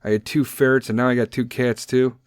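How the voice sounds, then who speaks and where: A man's voice: mid-range voice, level tone, fairly quick, clean tone, dry recording, clean studio sound. A man in his thirties hosting a podcast from home, talking casually, bluntly and with emotion, swearing freely. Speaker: podcast host. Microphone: podcast microphone.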